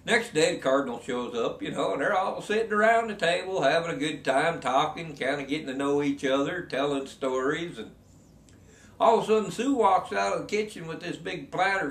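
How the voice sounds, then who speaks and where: A man telling a dirty joke in a folksy drawl, jumping into high voices for the people in it. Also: fairly bright tone. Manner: folksy drawl, quick jumps into high voices for the quoted characters. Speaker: joke teller. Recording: echoey room from a distance.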